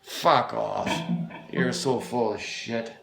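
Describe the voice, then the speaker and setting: A man's voice: mid-range voice, steady tone, slow, creaky, fairly bright tone, roomy sound, soft background music. A man voicing a bitter, worn-out young man who answers bluntly, exasperated and swearing at every turn.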